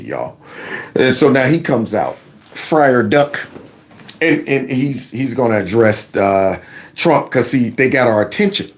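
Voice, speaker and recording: A man hosting an opinionated commentary vlog, talking in an emphatic, colloquial and indignant way with big swings in pitch. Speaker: political commentary host.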